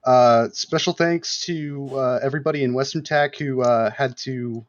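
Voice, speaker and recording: A man's voice: mid-range voice, normal speed, dry recording, muffled recording. A man speaking as a pilot guest over voice chat, hesitant with many fillers. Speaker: pilot guest in a game community. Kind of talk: casual voice chat.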